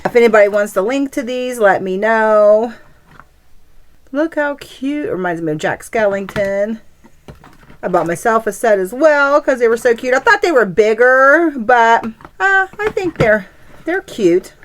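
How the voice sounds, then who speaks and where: A woman's voice: on the high side, lively intonation, moderate pace, a little hiss or hum. A woman hosting her craft channel, chatting casually and gushing over the crafts and gifts she shows. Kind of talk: casual craft show-and-tell.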